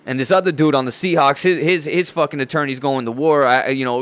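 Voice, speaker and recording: A man's voice: mid-range voice, steady tone, fast talker, hardly any pauses. A man hosting his own show, ranting in a profane, rambling way about movies and sports news. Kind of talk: casual ranting monologue.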